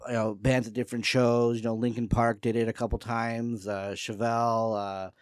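A man's voice: medium pitch, level tone, normal speed, smooth, no room sound. A man hosting a casual podcast, talking in a loose, rambling way with lots of swearing, recorded in a studio. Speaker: podcast host.

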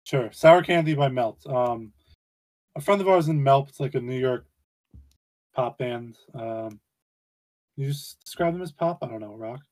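A man's voice: mid-range voice, measured pace, pauses often, a little mellow. Laid-back young man, dry and hesitant. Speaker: podcast co-host. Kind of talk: casual podcast chat.

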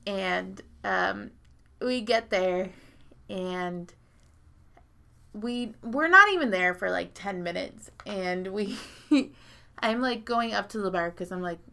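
Telling a long, wandering story in casual conversation, this woman has a bright, edgy voice that drops into gravelly fry as her phrases end. She talks slowly, packs in filler words and curses freely. Whenever she quotes someone, she jumps up into loud, high-pitched voices.

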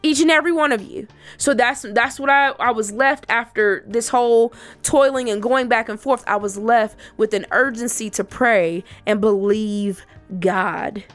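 A woman's voice: fairly high pitch, a little slow, soft background music. A woman giving a personal faith testimony to other women. She speaks earnestly and emphatically, repeating herself for emphasis.

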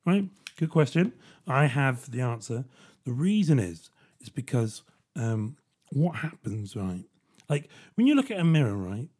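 Man, podcast host, casual monologue, dark husky voice, jokey, keeps saying "right?". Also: mid-range voice. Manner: joking and rambling, keeps asking "right?".

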